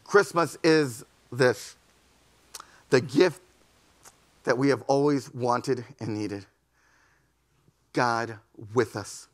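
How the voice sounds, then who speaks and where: A male pastor delivering a sermon, telling a story quietly and then rising into fervent, pleading preaching. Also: mid-range voice, very slow, long pauses. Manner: storytelling, swings from hushed to fervent. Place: church sanctuary.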